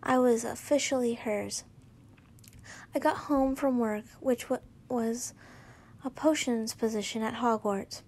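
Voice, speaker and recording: Slow, halting woman reading fanfiction. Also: on the high side, a little mellow. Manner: halting, frequent restarts and self-corrections. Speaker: fanfiction reader. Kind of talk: casual reading aloud.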